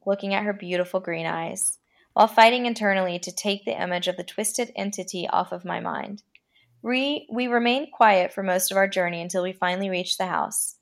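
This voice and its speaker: A woman podcast host reading a horror story aloud, with a dramatic delivery that slows down for the creepy lines. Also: medium pitch, vocal fry.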